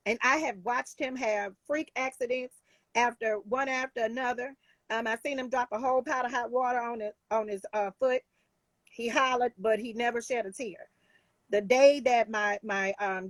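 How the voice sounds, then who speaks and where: High-voiced emphatic woman life coach. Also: no echo. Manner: emphatic, heartfelt, preachy with many restarts. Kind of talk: casual talk show chat.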